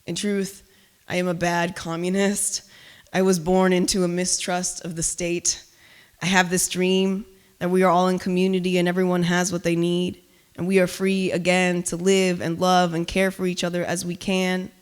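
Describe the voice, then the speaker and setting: Intense woman poet, smooth clear voice. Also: lowish voice, little pitch movement, normal speed. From Cuba. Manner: loud, emphatic, intense delivery. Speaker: spoken word poet. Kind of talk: spoken word poetry performance with chatty asides. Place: live reading at an art gallery.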